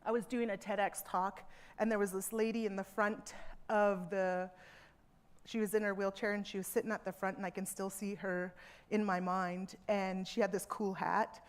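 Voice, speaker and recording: A woman speaking earnestly to a seminar audience from a theatre stage, measured, with emphatic repetitions. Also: mid-range voice, flat delivery. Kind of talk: reflective public talk.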